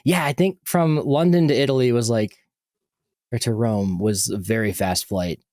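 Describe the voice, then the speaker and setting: A man hosts a podcast in a loose, rambling way, full of fillers and restarts. His voice sits at a middle pitch for a man. The recording is dry and close. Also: normal speed, a little mellow, dry recording. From United States. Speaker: podcast host. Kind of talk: casual chat.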